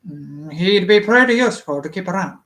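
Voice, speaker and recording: A reader voicing a grumpy dwarf man, halting and stumbling over the words. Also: mid-range voice, expressive, fairly bright tone, natural voice. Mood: grudging.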